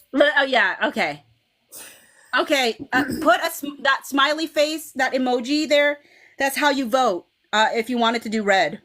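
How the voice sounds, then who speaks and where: A woman runs a casual fan-chat stream in a fairly high voice. She talks in an animated way, laughs often and keeps restarting her sentences with lots of "okay.". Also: measured pace. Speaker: livestream host.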